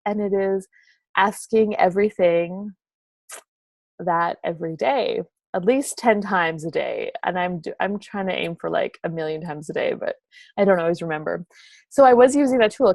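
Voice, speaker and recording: A woman's voice: mid-range voice, animated, normal speed, vocal fry, darkish tone, no room sound. A woman hosting her own show, casually telling an everyday story and acting out both sides of the conversations. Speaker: show host and facilitator.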